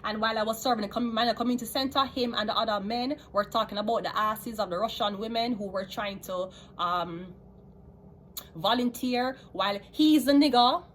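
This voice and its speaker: A woman's voice: medium pitch, fairly even intonation, brisk, fairly bright tone, slight background noise. A woman with a Jamaican accent ranting heatedly to her viewers, profane and switching between patois and standard English. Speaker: vlogger. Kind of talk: unscripted rant to viewers.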